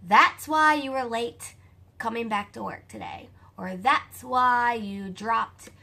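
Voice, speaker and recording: A young woman with a Southern US accent telling a personal story to camera in a chatty, animated way, often calling out to her viewers. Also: on the high side, takes it slowly, gravelly. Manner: animated, chatty, addresses viewers as you guys.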